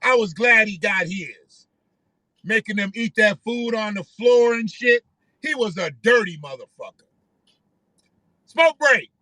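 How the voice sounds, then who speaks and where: A man's voice: sits high, measured pace, sharp tone, no echo. A man hosting a live stream, giving rambling, profane commentary and often repeating himself. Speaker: livestream host.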